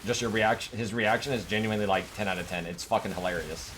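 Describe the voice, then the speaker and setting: A man's voice: lowish voice, fast, background noise. Swearing male streamer ranting. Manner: profane, emphatic rambling rant. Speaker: game streamer. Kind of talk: casual livestream chat.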